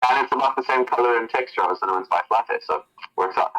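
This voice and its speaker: A man narrating as game master of a tabletop game, telling the scene in a casual, relaxed way. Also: medium pitch, fast, low-quality recording.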